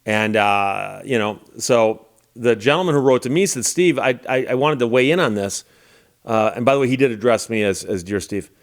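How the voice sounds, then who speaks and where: A middle-aged YouTube channel host casually tells stories to camera in a mid-range voice at normal speed. His manner is relaxed and wry, with an occasional chuckle.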